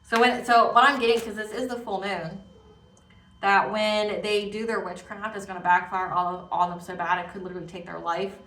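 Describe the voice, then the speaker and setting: A woman's voice: medium pitch, flat delivery, brisk, a bit bright, recorded from a distance. A woman giving a casual tarot reading, rambling and emphatic, repeating words with many fillers. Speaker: tarot reader. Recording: echoey room, voice off-mic.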